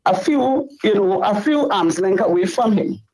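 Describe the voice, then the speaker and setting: A middle-aged woman phones a talk show and recounts something upsetting, circling back over the same points. She speaks at normal speed in a medium, darkish, breathy voice with lively intonation, captured on a rough recording.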